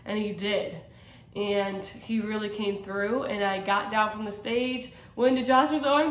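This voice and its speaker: A woman's voice: medium pitch, fairly even intonation, measured pace, a little hiss or hum. A woman sharing a personal faith testimony in casual, earnest talk, rambling with many fillers and restarts. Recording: roomy echo.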